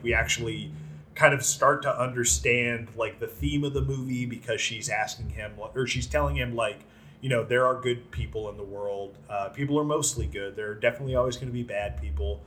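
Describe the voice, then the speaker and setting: A man with a mid-pitched voice talks through a film review in casual podcast chat. He rambles and leans heavily on fillers. A faint hiss sits under the recording. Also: steady tone, fairly quick, pushed and bright. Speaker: podcast co-host.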